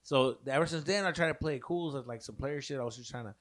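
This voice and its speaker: A man's voice: medium pitch, fast talker. A young man co-hosting a podcast, telling a long profane story in casual chat and mixing in Spanish slang. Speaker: podcast co-host.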